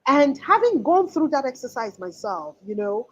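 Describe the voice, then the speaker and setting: A woman's voice: high-pitched, very animated, moderate pace, fairly bright tone, lo-fi sound. A woman in her forties giving an earnest, emphatic motivational talk as a life coach, often restarting her sentences.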